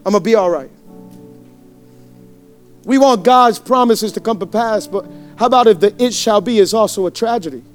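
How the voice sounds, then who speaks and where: A man pastor preaching a sermon in a church, fervent and repetitive, with call-and-response lines to the congregation. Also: extremely high pitch.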